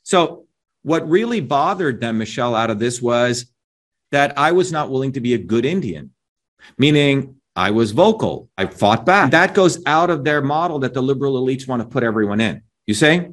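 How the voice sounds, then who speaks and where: A man with a mid-range, expressive voice appears as an interview guest, speaking at a moderate pace. He's emphatic and combative in his opinionated talk, pushing his points and often ending them with a questioning "right?".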